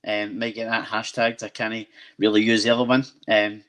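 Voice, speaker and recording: A man's voice: lowish voice, little pitch movement, normal speed, a bit bright. A man hosting a fan podcast in casual chat, rambling along with lots of ums and restarts. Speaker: podcast host.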